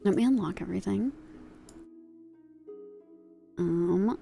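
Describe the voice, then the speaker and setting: A woman's voice: medium pitch, takes it slowly, creaky, warm tone. Casting note: a woman streamer, chatty and giggly, swears freely, mid-range voice, light music underneath. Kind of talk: casual chat with live chat.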